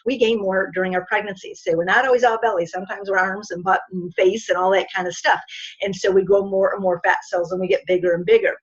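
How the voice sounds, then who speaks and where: A woman's voice: medium pitch, breathy edge. Chatty middle-aged woman giving a health talk. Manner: chatty, lots of "you know" and "okay?" check-ins. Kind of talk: informal presentation to an audience. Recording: dull lo-fi recording.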